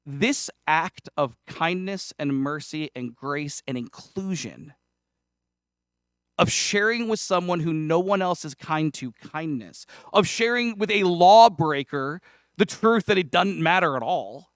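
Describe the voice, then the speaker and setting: A man's voice: fairly high pitch, lively intonation, measured pace, clear, resonant tone, dry recording, studio quality. A male pastor preaching a sermon in a conversational, self-deprecating way, with casual asides. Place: church sanctuary.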